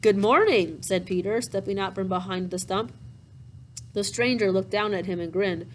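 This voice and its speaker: A woman reading a classic children's storybook aloud, pausing to explain things to young listeners in a gentle, chatty way. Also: medium pitch, steady tone, slight background noise, poor audio. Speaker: storybook reader.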